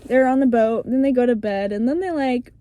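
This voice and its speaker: A woman's voice: a little high, brisk, no echo. Breezy swearing young woman storyteller. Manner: animated, breezy, swears freely, acts out lines. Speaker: vlogger retelling her childhood story. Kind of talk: casual storytelling to a friend.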